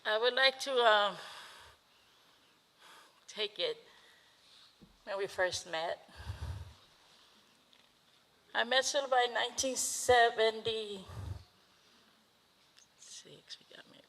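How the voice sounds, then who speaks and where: A woman's voice: a little high, slow pace, long pauses, a bit bright. An older woman speaking at her husband's memorial, unpracticed, searching for dates and thanking people. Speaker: widow giving a memorial speech. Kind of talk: memorial speech. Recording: reverberant hall.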